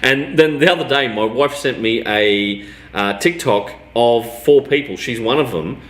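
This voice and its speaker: An Australian man hosting a casual pop-culture chat, chatty and quick to joke. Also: mid-range voice, fairly bright tone. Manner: chatty and joking, quick to laugh. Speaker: show host. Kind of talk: casual banter. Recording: roomy echo, faint noise.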